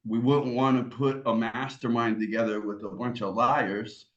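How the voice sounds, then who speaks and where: A man's voice: medium pitch, fairly even intonation, moderate pace, a bit bright. A man in casual podcast talk, laid-back and calling the others dude and bro. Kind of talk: casual chat. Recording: roomy, lo-fi sound.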